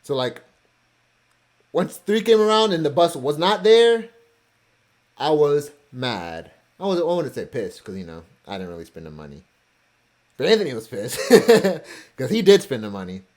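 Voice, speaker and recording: A man's voice: on the high side, big pitch swings, normal speed, pauses often, a little mellow. A man casually talking through his vacation photos, rambling with offhand, self-joking asides. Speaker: vlogger going through his cruise photos.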